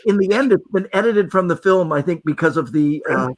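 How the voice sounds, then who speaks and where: A man from Canada with a fairly high voice tells stories on a podcast, chatting casually. He acts out the people in his tales as he talks. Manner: animated storyteller acting out quoted voices. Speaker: magician guest.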